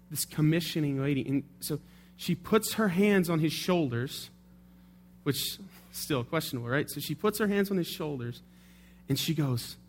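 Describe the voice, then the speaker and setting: Chatty male pastor, slightly high voice. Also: a little hiss or hum. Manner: conversational, with frequent tag questions. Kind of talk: sermon.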